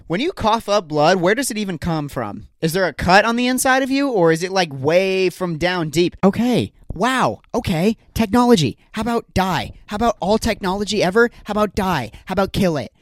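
A young man hosts his own comedy podcast, talking alone into a studio microphone. He rambles from story to story with an exasperated, self-deprecating edge, and his voice sits a little high. The recording is dry and close, with no room sound. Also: animated, moderate pace, hardly any pauses, no room sound. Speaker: podcast host. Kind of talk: solo comedic podcast rant.

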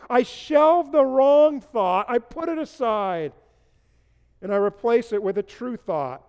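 A pastor with a strikingly high voice delivers an earnest sermon, pressing his online listeners with questions and repeating key phrases for emphasis. His words ring out with a long reverb trailing behind them.

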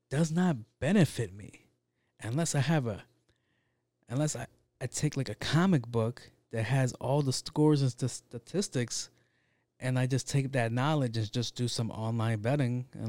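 A man's voice: mid-range voice, a little slow, darkish tone, dry recording. A man talking in a loose, rambling monologue, swearing often and leaning on fillers. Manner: profane, rambling, with frequent fillers.

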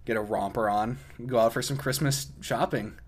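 A man's voice: mid-range voice, steady tone, normal speed. A young man co-hosting a podcast in casual chat, joking around and laughing often. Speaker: podcast co-host.

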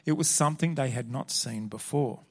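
A man's voice: mid-range voice, moderate pace, darkish tone, husky. A man preaching a sermon, earnest and emphatic as he reads Scripture and drives his points home. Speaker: pastor.

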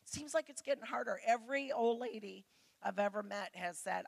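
A woman's voice: on the high side, animated, moderate pace, gravelly, no echo. A middle-aged woman preaching a sermon to women, earnest and pleading as she speaks straight to her listeners.

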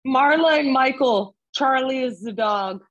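Foul-mouthed woman telling animated stories. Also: sits high, a little slow, dry recording, dull audio. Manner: swears a lot, animated storytelling. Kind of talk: casual chat.

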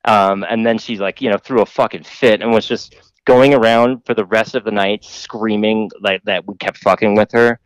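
A man's voice: lowish voice, steady tone, normal speed, clear, resonant tone, no room sound, low-quality recording. A man hosting a podcast, telling a long story in a rambling, profane way full of fillers. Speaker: podcast host telling stories. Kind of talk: casual storytelling.

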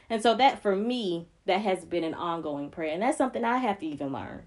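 A woman's voice: on the low side, expressive, brisk, few pauses, darkish tone. A woman co-hosting a faith podcast, speaking earnestly and emphatically, with repeated phrases that build like preaching. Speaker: podcast co-host.

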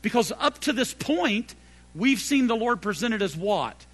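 Dramatic, gravelly-voiced man preaching. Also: very animated, unhurried. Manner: dramatic swings between loud emphatic peaks and hushed low phrases; repeats phrases for emphasis. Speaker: pastor. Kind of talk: sermon.

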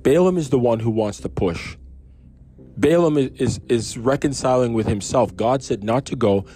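A man with a mellow, mid-range voice reads a Bible passage aloud at normal speed, with slight background noise. He keeps breaking off into chatty, musing commentary, restarting as he goes.

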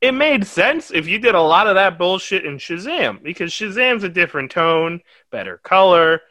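A man co-hosting a casual film review podcast, animated and rambling, swearing often. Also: sits high, normal speed, dry recording. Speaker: podcast co-host.

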